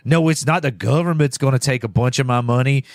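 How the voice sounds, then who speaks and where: A man's voice: medium pitch, lively intonation, a little fast, dry recording, clean studio sound, voice pushed up, natural voice. A man voicing a bitter middle-aged male prison guard who rants and complains indignantly.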